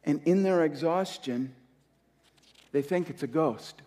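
A male pastor preaches a sermon with passion, his fairly high, mellow voice surging and then dropping low, with pauses as he repeats key phrases. Long reverb from the church hall surrounds him.

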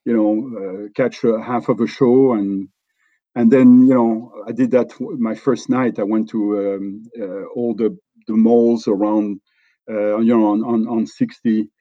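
A man's voice: fairly low pitch, steady tone, measured pace, no room sound, muffled recording. A middle-aged man with a French accent, a company executive telling stories as an interview guest, with many fillers and restarts. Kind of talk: conversational storytelling.

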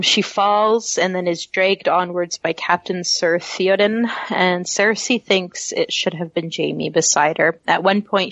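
Low-voiced woman reading aloud. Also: creaky, a bit bright, no echo. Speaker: podcast co-host reading book passages aloud. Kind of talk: casual chat and reading aloud. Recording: slightly muffled audio.

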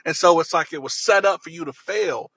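Guy rambling thru his own story, earnest, repeats stuff, kinda husky voice, dry sound. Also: a little high, fairly quick, fairly bright tone, no room sound, rough recording. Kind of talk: personal storytelling.

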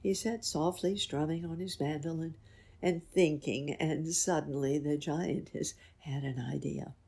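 Low husky lady reading a kids story, slow and expressive. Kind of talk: reading a children's story aloud.

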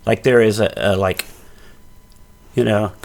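A man's voice: on the low side, steady tone, a little slow, vocal fry, a little mellow. A middle-aged man co-hosting a podcast, teasing and rambling with restarts in casual chat. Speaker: podcast co-host.

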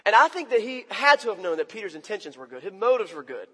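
A pastor with a high, husky, sing-song voice talks fast through a casual, conversational sermon, acting out quotes and swinging between loud outbursts and quiet asides. The long reverb of a church hall rings around him.

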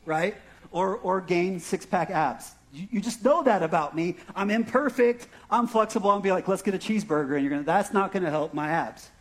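High-voiced pastor chatting through a sermon. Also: male voice. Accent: Arizona. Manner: conversational and self-deprecating, frequent "right?" and "okay?".

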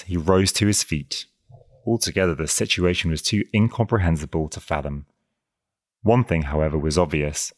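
A man with a very low voice reads a period adventure story aloud at a measured, even pace. The sound is close and dry, with no room around it. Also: no echo. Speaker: audiobook narrator. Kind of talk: scripted narration.

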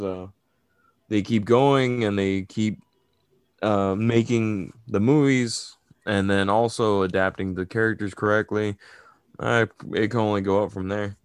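A man co-hosting a casual movie review podcast, joking and relaxed with plenty of fillers. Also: on the low side, smooth, no echo. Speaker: podcast co-host.

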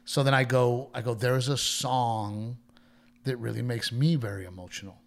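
Brief: man, comedian, animated storyteller, mid-pitched voice, quotes people in character. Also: moderate pace. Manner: animated storyteller who quotes others in their voices, swears. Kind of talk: casual chat, storytelling.

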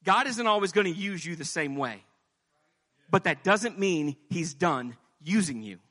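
A man's voice: sits high, lively intonation, measured pace, bright, forceful tone. A man preaching a sermon with impassioned delivery, rising into pleading as he voices scripture. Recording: long hall reverb.

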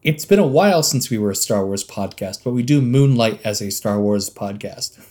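A man co-hosting a podcast, musing aloud with frequent ums and uhs and quiet trailing asides. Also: lively intonation, moderate pace. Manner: musing, hesitant, many ums and uhs, drops to low asides. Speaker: podcast co-host. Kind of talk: casual podcast chat.

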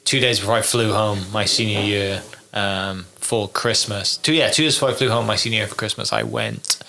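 A man's voice: on the low side, fairly even intonation, brisk, gravelly, bright, forceful tone, a little hiss or hum. A young man hosting a podcast, telling stories casually with many fillers and restarts. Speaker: podcast host. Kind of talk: casual interview chat.

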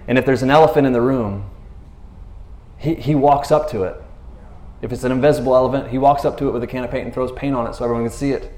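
A man talking casually about scripture in a laid-back, slangy way, retelling stories with lively asides. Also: medium pitch, fast talker. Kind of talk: casual faith talk. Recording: roomy echo.

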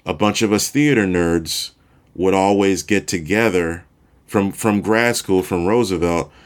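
A man in his forties hosting a podcast, telling a story in a relaxed, self-deprecating way. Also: sits low, unhurried. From Chicago, USA. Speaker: podcast host. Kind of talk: casual storytelling monologue.

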